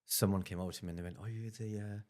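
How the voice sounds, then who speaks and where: A man, a stand-up comedian and podcast guest, telling a rapid, animated anecdote in casual chat, laughing and swearing as he goes. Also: on the low side.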